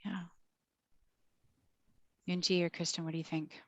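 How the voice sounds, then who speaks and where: A woman's voice: fairly low pitch, flat delivery, a little slow, no echo, lo-fi sound. A woman hosting an online panel discussion over a video call, speaking in a chatty, upbeat way with frequent fillers. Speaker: host and moderator.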